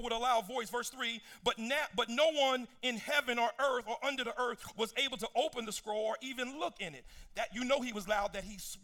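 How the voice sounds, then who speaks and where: A man preaching a sermon, reading scripture with casual asides, swinging between soft low passages and sung, shouted peaks. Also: normal speed.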